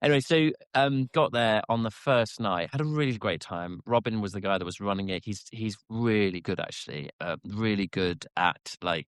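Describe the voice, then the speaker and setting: A man's voice: fairly low pitch, moderate pace, few pauses, smooth, no room sound. A man co-hosting a podcast, telling rambling casual stories full of fillers and restarts. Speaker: podcast co-host. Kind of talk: casual chat.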